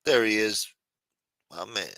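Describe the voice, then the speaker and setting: A man's voice: on the low side, unhurried, pushed and bright, no echo. A man hosting a late-night livestream, chatting loosely and profanely while answering viewers in the chat. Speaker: livestream host.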